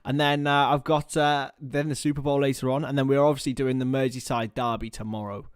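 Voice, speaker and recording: A young man hosts a casual livestream in a smooth, mid-range voice with little pitch movement, talking briskly. He rambles, jokes about himself, and reads viewer comments aloud, recorded on a webcam or computer mic yet sounding clean, studio-like and echo-free.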